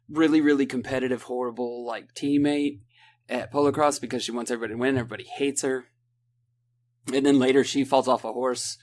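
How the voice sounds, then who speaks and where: A man in casual podcast chat, recapping a book in a rambling, sarcastic way and mimicking the characters in quick asides, with a lilt. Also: mid-range voice, fairly bright tone. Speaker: podcast co-host.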